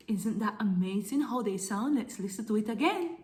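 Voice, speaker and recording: A woman teaching preschool children about music, reading from a picture book in a gentle, expressive way with hushed asides. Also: medium pitch, measured pace. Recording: faint music playing behind.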